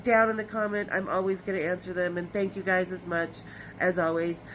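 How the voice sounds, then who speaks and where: A woman's voice: on the low side, little pitch movement, brisk, a little hiss or hum, poor audio. An older woman in her sixties hosting her own podcast, chatting loosely to her viewers, rambling and swearing now and then. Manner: chatty and rambling, with swearing and bursts of brighter energy. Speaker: podcast host. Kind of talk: casual direct-to-camera chat.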